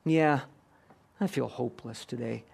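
A man's voice: takes it slowly, clear, resonant tone, natural voice. A man doing a defeated inner voice. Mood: hopeless. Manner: low, flat, defeated mutter. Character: dejected man agreeing he is a loser.

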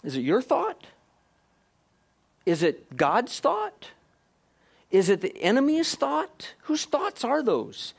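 A man preaching a sermon, questioning his listeners directly and moving between hushed and emphatic delivery. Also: very high-pitched, huge pitch swings, slow pace, creaky, pauses often, husky. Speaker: pastor.

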